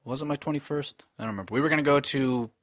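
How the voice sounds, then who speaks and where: A man's voice: mid-range voice, racing, fairly bright tone, no echo. A man in his twenties co-hosting a podcast, ranting with lots of swearing and acting out quoted voices in casual chat. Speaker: podcast co-host.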